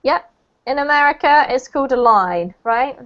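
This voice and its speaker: Woman, English teacher on a video call, patient explainer, slightly high voice, muffled line. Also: animated. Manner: patient, explains slowly with checking questions. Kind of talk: online language lesson.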